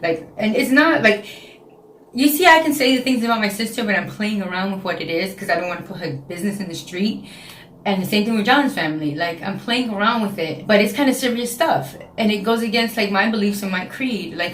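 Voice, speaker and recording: A woman's voice: medium pitch, a little hiss or hum. Woman, late 30s, New York accent, emotional confessional vlogger, echoey room. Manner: frank, emotional, talks in repeated phrases. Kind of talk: casual confessional vlog. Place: home, indoors.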